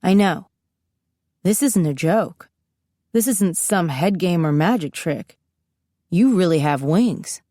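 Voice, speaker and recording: A woman voicing a stunned, gentle young man in an audiobook, asking halting, disbelieving questions. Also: lowish voice, lively intonation, no echo, studio quality.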